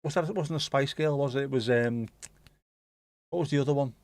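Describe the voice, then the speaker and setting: A man hosts a laid-back livestream, chatting loosely and thinking aloud as he answers his viewers. His voice sits at an ordinary middle pitch. The sound is close and dry, with no room echo. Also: brisk, a little mellow. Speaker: livestream host. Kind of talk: casual livestream chat.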